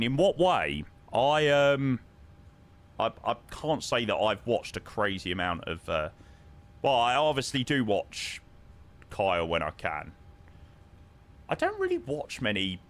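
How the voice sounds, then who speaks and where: A young man streaming a flight simulator, chatting casually with viewers and making relaxed pilot radio calls with plenty of filler words. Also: medium pitch, measured pace. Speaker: streamer flying a simulated airliner.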